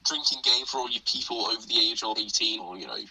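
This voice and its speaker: A man as a guest in a casual chat, relaxed and joking in quick asides. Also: medium pitch, husky, low-quality recording.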